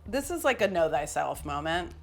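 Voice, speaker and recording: A woman's voice: low-pitched, sing-song, moderate pace, vocal fry, faint music behind. A woman hosting a cooking show, talking casually and poking fun at herself while she cooks in a kitchen. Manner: chatty and self-mocking, with frequent laughs.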